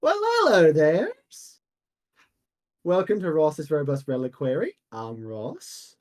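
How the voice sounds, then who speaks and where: A man's voice: a little high, very animated, slow, darkish tone. A man voicing a chatty, sly male halfling shopkeeper with a folksy, jovial manner. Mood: cheery. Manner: folksy, jovial, calls people lad and my boy.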